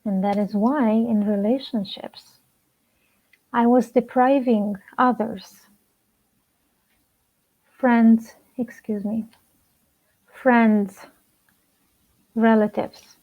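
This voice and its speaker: A woman relationship coach talks to camera in a slow, deliberate way, leaving long pauses between phrases. Her voice sits a little high and comes across soft. The recording is dull and lo-fi. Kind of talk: slow personal talk to camera. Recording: dull lo-fi sound.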